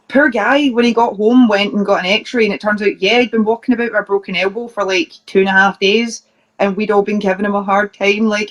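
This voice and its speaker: Scottish woman, mid-pitched, chatty interview guest, laughs through her anecdotes. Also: steady tone, brisk. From Scotland. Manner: chatty, laughing, restarts and fillers while telling funny stories. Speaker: professional wrestler, interview guest. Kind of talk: casual anecdote telling.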